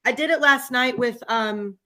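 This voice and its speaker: Woman venting on a livestream, kinda high bright voice, laughs a lot, fired up. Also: moderate pace. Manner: animated, venting, laughs often. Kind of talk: casual chat.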